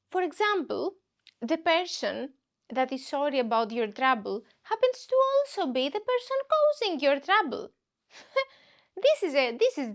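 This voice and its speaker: A woman tells a comic story in a high voice. She hosts her own podcast and talks in an animated way, slipping into the voices of the people she met. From Greece. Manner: animated, acts out dialogues with other people. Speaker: podcast host and comedian. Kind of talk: comedic storytelling monologue.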